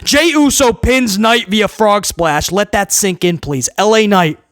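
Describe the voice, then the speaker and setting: A man giving a blunt, sarcastic, exasperated solo review, breaking into loud comic outbursts to mock what he saw. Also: high voice, unhurried, dry recording, studio quality. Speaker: wrestling show reviewer.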